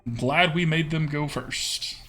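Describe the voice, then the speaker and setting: Young guy streaming a card game, kinda high voice, talks to himself a lot, lots of hmms and okays. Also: unhurried, pushed and bright, soft background music. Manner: thinks aloud with murmured hmms and repeated okays. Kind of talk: casual live gameplay commentary.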